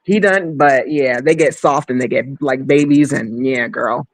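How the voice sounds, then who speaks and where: A woman's voice: a bass voice, a little slow, no room sound. A woman, chatting casually, often stumbling and repeating words. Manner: hesitant, repeats words, agreeable. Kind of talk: casual chat.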